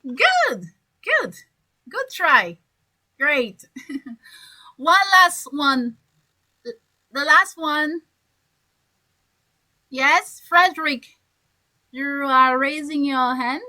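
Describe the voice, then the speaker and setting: A woman with a very high, bright voice coaching an English class. She speaks slowly and repeats key phrases to encourage her learners. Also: big pitch swings, rough recording. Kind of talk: teaching an online class.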